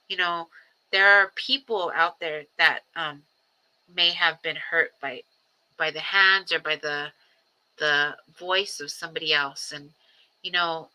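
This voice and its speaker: A woman who is a grandmother, hosting a personal livestream and talking reflectively, with frequent ums, pauses and repeated phrases. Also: lowish voice, sharp tone, poor audio. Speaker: livestream host. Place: home livestream.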